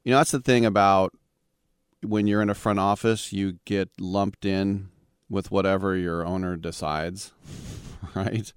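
A man's voice: deep voice, fairly even intonation, measured pace, clean tone, no room sound, clean studio sound. A man in his fifties from the Bay Area, hosting a sports talk radio show in a wry, rambling monologue with sarcastic asides. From San Francisco Bay Area.

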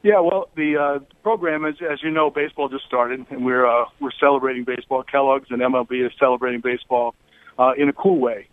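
A man's voice: medium pitch, fairly quick. Middle-aged guy calling into a radio show, tinny phone line, lots of uhs and restarts. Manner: relaxed, many fillers and restarts. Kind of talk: phone interview.

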